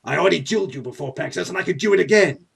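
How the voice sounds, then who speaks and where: A man's voice: high voice, very fast, vocal fry, husky, recorded from a distance, full character voice. A man voicing a proud, irritable young male rival duelist who talks in a curt, exasperated way. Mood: irritated.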